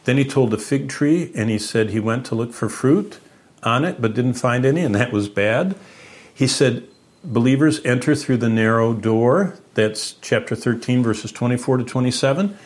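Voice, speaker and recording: Speaking at a normal speed, a male pastor preaches with earnest, instructive intent. His pitch and loudness swing in animated fashion as he goes.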